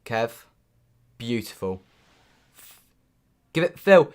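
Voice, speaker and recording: A young man commentating live on a football match for his stream, muttering between plays and shouting when his team scores. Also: medium pitch, a little fast. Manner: excitable, swings from muttering to shouting at goals.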